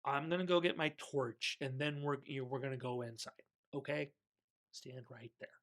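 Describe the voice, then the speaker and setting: A man's voice: mid-range voice, fairly even intonation, moderate pace, a bit bright, close to an everyday voice. A man voicing a bumbling male lab assistant, in a casual, offhand way close to his own voice.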